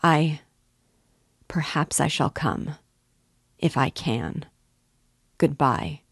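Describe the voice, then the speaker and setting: A woman voicing a brooding, feverish young man who speaks slowly and gravely. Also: low voice, animated, no room sound, studio quality, full character voice.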